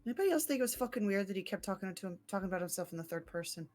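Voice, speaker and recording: A woman's voice: medium pitch, expressive, racing, a little mellow, soft background music. A woman playing a tabletop game, chatting bluntly and swearing freely. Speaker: player. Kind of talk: casual tabletop chat.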